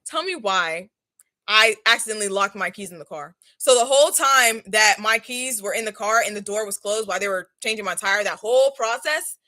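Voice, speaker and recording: A young woman in her twenties telling a casual, slangy storytime while doing a face mask, animated and laughing often. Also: mid-range voice, brisk. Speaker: vlogger.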